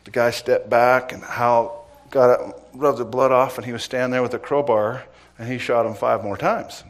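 Middle-aged male preacher, former cop, dramatic storyteller with loud-to-hushed delivery. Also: mid-range voice, fairly even intonation, normal speed. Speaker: preacher, former police officer. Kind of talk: sermon with personal story.

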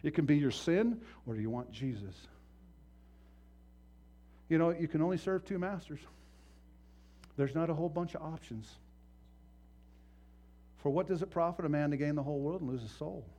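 A man preaching a sermon as pastor, impassioned and swinging from hushed to loud, acting out voices in his stories. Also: on the high side, normal speed, long pauses.

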